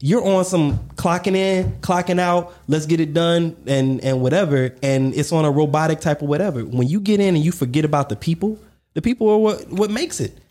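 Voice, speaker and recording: A man's voice: a little high, brisk, a little mellow. A man co-hosting a casual podcast discussion, talking emphatically and repeating his points to drive them home. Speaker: podcast co-host.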